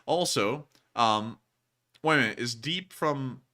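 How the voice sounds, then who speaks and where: A man's voice: mid-range voice, slow, bright, forceful tone. A man hosting a casual livestream, thanking donors in a rambling, chatty way and laughing often. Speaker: livestream host. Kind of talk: casual livestream chat reading donations.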